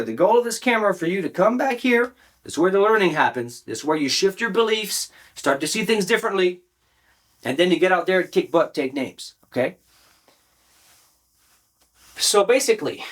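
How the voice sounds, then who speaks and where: A man teaching public speaking straight to camera, emphatic and animated, often checking in with the viewer. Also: sits high. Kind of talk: direct-to-camera coaching talk.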